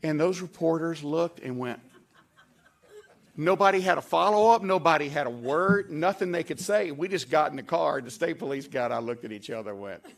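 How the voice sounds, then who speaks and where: A man's voice: on the high side, normal speed, gravelly. An older man giving a tribute speech at a dedication event, telling folksy anecdotes and acting out the lines he quotes. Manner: folksy storyteller, acts out quoted lines with a raised voice. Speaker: former staff member giving a tribute speech. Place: event hall at a podium.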